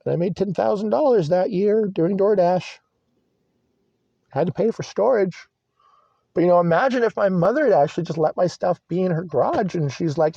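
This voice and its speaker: Agitated high-pitched young man venting. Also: moderate pace, creaky, mellow, husky, dry recording. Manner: agitated, swearing, rambling and repetitive. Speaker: vlogger. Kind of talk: personal venting monologue. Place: inside a car. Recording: dry, muffled lo-fi recording.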